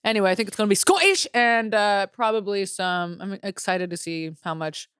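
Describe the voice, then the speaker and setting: A woman's voice: medium pitch, a little fast, fairly bright tone, clean tone, no room sound, studio quality. A young woman co-hosting a podcast in casual chat, blunt and jokey with lots of swearing. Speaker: podcast co-host.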